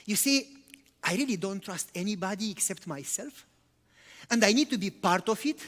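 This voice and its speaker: A pastor preaches a sermon in a reverberant church, his high, somewhat bright voice animated at a moderate pace. He keeps it conversational and poses rhetorical questions, with a long church-hall reverb on the recording.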